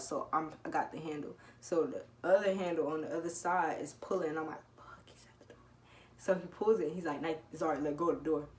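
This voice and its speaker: Low-voiced teen girl telling a story. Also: recorded from a distance, a little hiss or hum. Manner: animated, laughing, swearing, acting out quotes. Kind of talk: casual storytime. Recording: echoey room with faint ambience.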